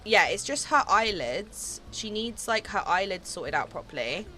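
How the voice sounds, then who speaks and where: A woman's voice: mid-range voice, sing-song, a little slow, pushed and bright, slight background noise. A woman streaming a game, chatting casually with viewers, giggling often and filling her talk with "um" and "like.". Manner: chatty, giggly, many fillers like "um" and "like". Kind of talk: casual livestream chat while gaming.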